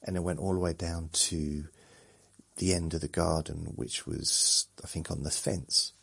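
A man's voice: sits low, little pitch movement, unhurried, vocal fry, a bit bright, slightly rough. A man hosting a sleep podcast, meandering through a rambling monologue and chuckling at himself. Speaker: podcast host.

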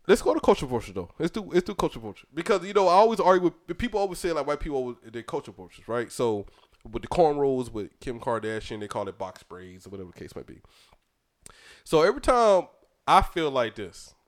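A man with a New York accent talks on a podcast in loose, joking banter, swearing and laughing as he goes. His pitch sits a little high, and his voice rises and falls a lot. His talk is relaxed and casual. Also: fast. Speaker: podcast host. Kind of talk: casual chat.

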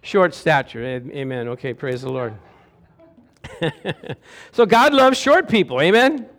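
A man preaching a sermon to a congregation, animated and calling out to them for answers. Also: fairly high pitch, unhurried. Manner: animated, calls out to the congregation for responses. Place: church sanctuary with a congregation.

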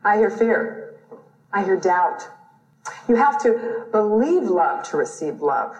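An actress playing a female motivational speaker in a TV series, preaching positive thinking in a calm, insistent way. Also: mid-range voice, slow pace. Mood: preachy. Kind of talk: TV series acting. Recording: roomy, dull TV clip audio.

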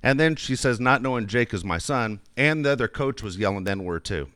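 A man's voice: mid-range voice, animated, a little fast, fairly bright tone, clean tone, no room sound. A middle-aged man telling a long coaching story in casual chat, rambling with many restarts. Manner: rambling anecdotes with frequent restarts. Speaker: youth baseball coach.

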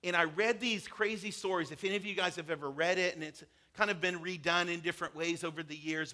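Male pastor, sermon, high voice, bright tone, animated storytelling.

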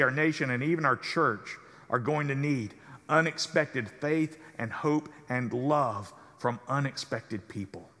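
Male pastor, sermon, bright and slightly high, measured cadence, long church reverb. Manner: measured preaching cadence, drops soft at phrase ends.

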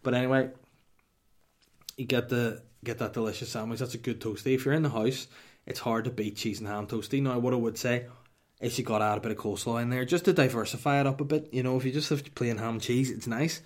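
A Northern Irish man hosts his podcast in a loose, casual chat. He rambles through listener questions with crude jokes and mock bragging, his voice sitting at an ordinary middle pitch. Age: adult, married. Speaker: podcast host.

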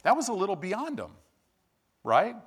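Male pastor delivering a lively sermon; higher-pitched, fast at times. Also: breathy edge. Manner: animated, exclamatory, quick asides. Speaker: preacher.

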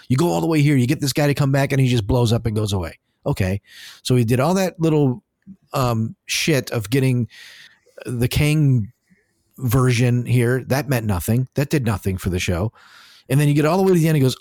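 Animated, swearing male podcast host. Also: mid-range voice, a little fast, no room sound, studio quality. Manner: animated, profane, rambling retelling. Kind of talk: casual podcast chat.

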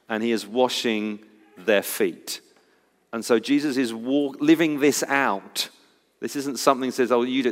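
A man preaching a sermon, telling the story with lively swings from loud, bright bursts to low, hushed passages. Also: long reverb tail. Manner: animated storytelling, acting out disciples' voices, wide swings from loud to hushed.

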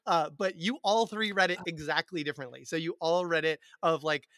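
Bright, chatty male podcast host. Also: on the high side, a little fast, dry recording, clean studio sound. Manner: chatty, self-deprecating, laughs often. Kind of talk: casual podcast chat.

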